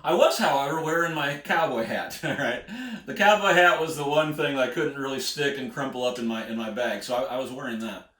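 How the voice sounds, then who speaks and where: An American singer-songwriter with a medium-pitched, slightly bright voice tells a rambling road story at a brisk pace. His folksy, casual storytelling is full of chuckles, and the room sounds echoey.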